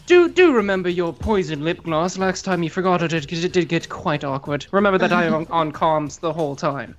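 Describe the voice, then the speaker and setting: A player putting on a prim British butler who is fussy and formal, with a put-on British accent. The politeness is stiff and proper. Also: male voice, a little high, expressive, brisk, muffled recording, soft background music, natural voice.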